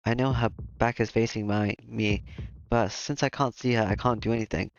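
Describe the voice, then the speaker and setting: A man reading a visual novel aloud in steady first-person narration, over game music. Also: on the low side, normal speed, no echo. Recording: slightly dull lo-fi mic, game music behind.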